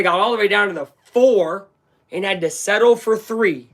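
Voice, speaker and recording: A high-pitched, somewhat bright male voice at normal speed delivers live play-by-play as a fan along with the game. The talk is casual and rambling, and he freely voices how frustrated he is.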